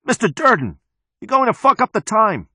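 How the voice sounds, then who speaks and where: A man's voice: mid-range voice, lively intonation, a little fast, bright, forceful tone, no echo. A man voicing a menacing male mechanic who taunts his captive in a raised, mocking voice, in a dry recording. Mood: taunting.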